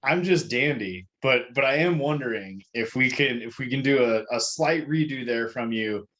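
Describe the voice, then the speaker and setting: Measured male podcast co-host explaining things. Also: mid-range voice, fairly bright tone, dull audio. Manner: measured, explanatory, with frequent ums and restarts. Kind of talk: casual podcast chat.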